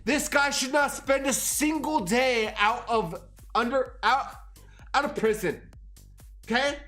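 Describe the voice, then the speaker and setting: A man's voice: very high voice, slow, bright, forceful tone, faint music behind. A man ranting on a livestream about markets, profane and agitated. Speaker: market commentary streamer. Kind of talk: livestream rant.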